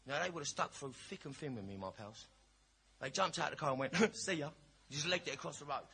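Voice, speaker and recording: A man's voice: on the high side, animated, quick pace, vocal fry, bright, forceful tone. A man giving a personal share at a recovery meeting, telling his story in a chatty, blunt, jokey way.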